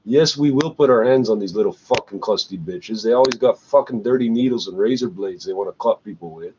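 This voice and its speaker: A man's voice: lowish voice, brisk, a little mellow. Foul-mouthed man ranting on a muffled recording. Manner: angry, swearing, sarcastic, laughs between rants. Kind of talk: profane ranting monologue. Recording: muffled lo-fi recording with faint background hiss.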